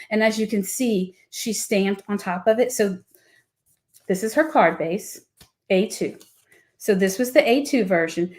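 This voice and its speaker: A woman who owns a craft company, chatting casually and candidly through a product demo with lots of asides and check-ins. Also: mid-range voice. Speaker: craft company owner presenting new products.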